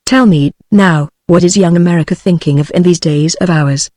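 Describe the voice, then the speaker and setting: A synthetic British woman's voice reading the lines of an earnest, learned older woman in an audiobook, with an even, measured delivery. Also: fairly low pitch, no echo, clean studio sound, lightly acted. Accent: British English.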